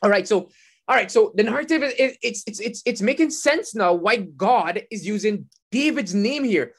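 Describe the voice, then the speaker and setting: Animated man preaching a sermon. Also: high voice, moderate pace, vocal fry, slightly rough. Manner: animated, rising and falling emphasis, repeats and restarts.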